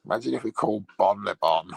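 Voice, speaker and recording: A man playing a crude male troll, delivering a rambling, swear-filled comedy monologue in a gravelly, husky voice. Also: on the low side, exaggerated voice, rough recording.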